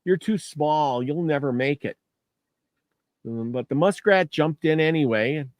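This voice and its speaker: A man's voice: medium pitch, no room sound. A man casually telling a legend in a folksy way, often restarting phrases. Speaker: storyteller. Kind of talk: casual storytelling.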